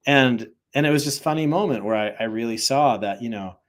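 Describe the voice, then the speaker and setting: A man's voice: medium pitch, fairly quick. A young man giving a loose, conversational spiritual teaching, telling a story and then encouraging listeners, with many fillers like "like" and "you know". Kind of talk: casual live talk mixing storytelling and spiritual teaching.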